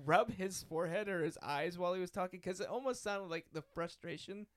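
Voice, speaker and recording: A man's voice: high voice, fairly quick, no room sound. A young man in casual chat with friends, laid-back, asking questions and laughing often.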